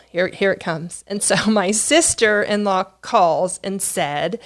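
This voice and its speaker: A middle-aged woman co-hosting a podcast, telling a family story at a measured, reflective pace. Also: medium pitch. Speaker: podcast co-host. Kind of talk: casual storytelling with her husband.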